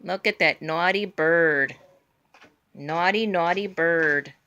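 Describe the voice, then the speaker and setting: A woman's voice: on the low side, takes it slowly, sharp tone, dull audio. A woman filming at home, talking to her pet bird in a sing-song baby-talk voice and playfully scolding it.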